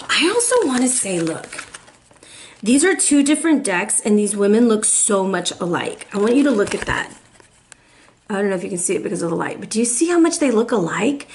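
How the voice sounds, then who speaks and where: A woman's voice: on the high side, a little hiss or hum. A woman giving a casual, encouraging tarot reading to her viewers, close to tears and calling them baby. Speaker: tarot reader.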